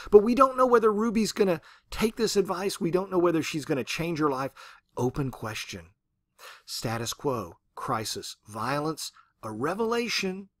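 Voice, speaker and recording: A man's voice: mid-range voice, no room sound. A man lecturing on literature in a conversational way, often checking in with the class and acting out quotes. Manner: conversational, keeps asking the class "right?"; animated, acts out quotes. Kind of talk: recorded university lecture.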